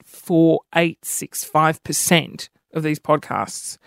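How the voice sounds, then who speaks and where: A woman's voice: low-pitched, steady tone, takes it slowly, vocal fry, no room sound, clean studio sound. A woman hosting a casual solo podcast, rambling in half sentences with fillers. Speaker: podcast host.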